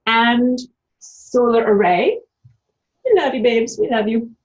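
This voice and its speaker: A woman's voice: on the high side, very animated, takes it slowly, husky, lo-fi sound. A woman giving an emphatic, profane, rambling spiritual livestream monologue and answering viewer comments. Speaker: spiritual vlogger.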